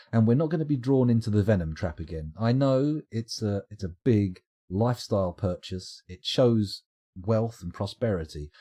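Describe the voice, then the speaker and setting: Lively, husky man streaming. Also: fairly low pitch. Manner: jokey, rambling, reads chat aloud. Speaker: game streamer. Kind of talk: casual live-stream commentary.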